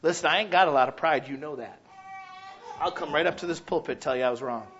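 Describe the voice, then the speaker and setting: A man pastor preaching a sermon in a church, animated, asking questions aloud and acting out what people say. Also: on the high side, fast talker, highs cut off, a little hiss or hum. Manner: animated preaching, acting out quoted voices, shouts rhetorical questions.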